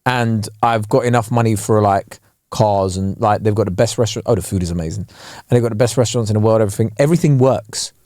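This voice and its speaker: A young man, co-hosting a casual podcast and telling animated stories, putting on voices for the people he quotes. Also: fairly low pitch, fast, few pauses, dry recording, studio quality. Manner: animated storyteller, slips into impressions. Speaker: podcast co-host. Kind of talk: casual chat.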